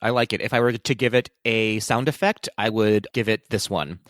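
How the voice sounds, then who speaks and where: A man co-hosting a casual podcast, playful and quick to laugh as he reads listener mail. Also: on the low side, fairly even intonation, fairly bright tone, no room sound, studio quality. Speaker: podcast co-host.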